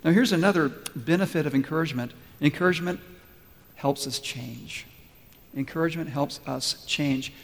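A man preaching a sermon as pastor, emphatic and repeating key phrases slowly for weight. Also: on the high side. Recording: long reverb of a large hall.

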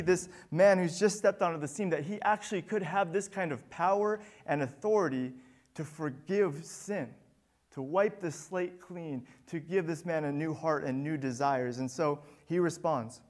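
A man's voice: a little high, darkish tone. A man preaching a sermon as pastor, earnest and building to emphatic peaks.

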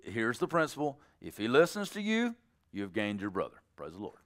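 A man preaching a sermon to his congregation in a folksy, plainspoken way. He jokes with the listeners and swings from low, soft phrases to loud, high bursts. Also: wildly swooping pitch, brisk. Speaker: pastor.

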